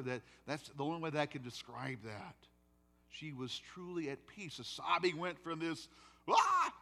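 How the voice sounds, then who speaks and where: A male pastor preaching a sermon and telling a story, swinging between loud emphasis and quiet, soft passages. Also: mid-range voice, big-room sound. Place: church sanctuary.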